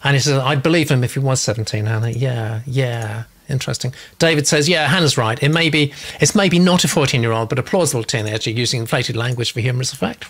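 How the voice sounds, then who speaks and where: A man's voice: medium pitch, fast, hardly any pauses. An English man hosting a casual panel chat over a video call, reading out viewer comments in a chatty way. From England. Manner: warm, chatty, breaks into laughs. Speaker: host of a manuscript feedback show.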